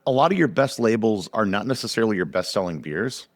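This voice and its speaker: A man's voice: on the low side, lively intonation, quick pace, dry recording. A man hosting a casual podcast chat, easygoing and fond of trivia asides. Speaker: podcast host.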